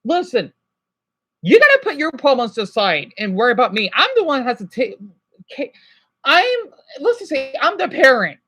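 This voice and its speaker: A man's voice: extremely high pitch, wildly swooping pitch, moderate pace, pushed and bright. A stressed man vlogging, ranting to his viewers in an agitated, rambling way, swearing and then apologizing. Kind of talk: unscripted emotional rant to viewers.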